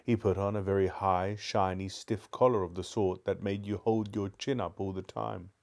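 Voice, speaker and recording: A man's voice: low voice, steady tone, normal speed, vocal fry, darkish tone. A man reading a children's novel aloud live, sometimes stumbling and restarting lines. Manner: stumbles and restarts, apologizes to viewers. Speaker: book reader.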